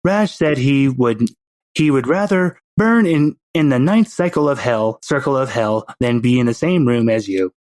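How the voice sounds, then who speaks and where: A man playing a smug boy who runs a secret team, speaking in a formal, measured way in a tabletop game. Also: mid-range voice, expressive, a little mellow, no room sound, lightly acted.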